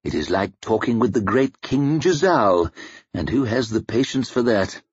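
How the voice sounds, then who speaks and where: A man voicing an arrogant, ruthless old male wizard who speaks in a haughty, measured, menacing way. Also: lowish voice, animated, breathy edge, no echo. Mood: mocking. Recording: dry muffled recording.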